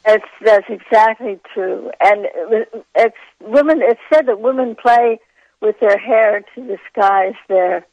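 A female voice coach, a guest calling in to a radio show by phone, speaking in a measured, precise way. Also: mid-range voice, a little mellow, no echo, muffled recording. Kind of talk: phone-in interview. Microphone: telephone.

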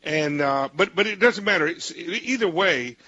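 A man's voice: on the high side, animated, moderate pace, pushed and bright, no echo, highs cut off. A male host interviewing a guest, rambling with many restarts and cutting in. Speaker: show host.

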